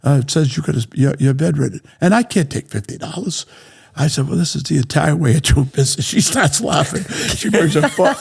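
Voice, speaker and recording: A man's voice: fairly high pitch, lively intonation, fairly quick, vocal fry, darkish tone, breathy edge. An older man from Rhode Island, a guest on a talk show, telling stories in a blunt, profane way, often asking "right?" and laughing as he goes. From Rhode Island, USA. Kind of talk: casual storytelling.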